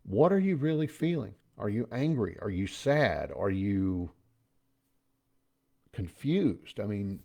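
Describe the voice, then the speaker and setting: A man's voice: fairly low pitch, big pitch swings, takes it slowly, vocal fry, darkish tone. A middle-aged man giving a casual motivational talk as host, chatty and folksy, with pop-culture asides.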